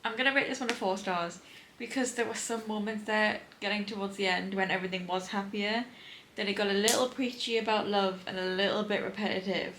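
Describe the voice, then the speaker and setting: A woman's voice: medium pitch, fairly bright tone, slight background noise, low-quality recording. A young woman chatting casually about her reading at home, laughing often and sounding tired. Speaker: book vlogger. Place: home indoors.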